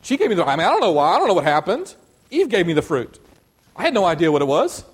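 A man's voice: sits high, wildly swooping pitch, fast talker, slightly rough, exaggerated voice. A man putting on the voice of a sheepish man stammering out excuses. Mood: whiny. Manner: whiny, stammering. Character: sheepish excuse-making man dodging blame.

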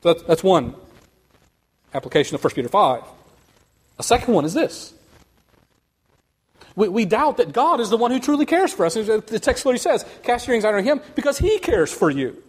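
Earnest, fairly high-voiced male preacher. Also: very animated, breathy edge. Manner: earnest, building to fast emphatic rises. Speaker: pastor. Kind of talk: sermon.

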